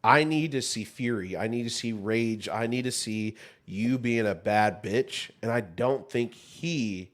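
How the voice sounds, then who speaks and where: Male co-host, 30s, casual rambling chatter with easy swearing, middle pitch. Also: unhurried, few pauses. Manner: loose, rambling, swears freely; lots of fillers and restarts. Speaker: podcast co-host. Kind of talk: casual chat.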